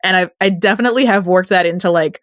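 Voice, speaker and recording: Woman, late twenties, podcast co-host, casual chat, lowish voice, dry close mic. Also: quick pace, no room sound. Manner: chatty, emotional, laughs often.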